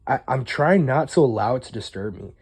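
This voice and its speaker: A man's voice: mid-range voice, animated, brisk, a little mellow, slightly rough. A young man in a rambling, profane casual monologue to camera, full of fillers and rueful disbelief. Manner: rueful, incredulous. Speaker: vlogger.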